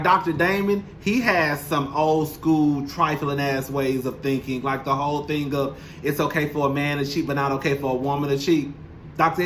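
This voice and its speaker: A man's voice: on the high side, fairly bright tone, a little hiss or hum, rough recording. A young man, recapping a reality show in a sassy, blunt, profane, casual monologue straight to his viewers. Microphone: camera mic, speaking to camera.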